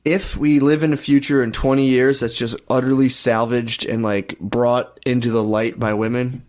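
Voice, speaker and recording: A man's voice: mid-range voice, level tone, moderate pace, a little mellow. A man co-hosting a comedy podcast in casual chat, rambling and acting out quoted voices between laughs. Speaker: podcast co-host.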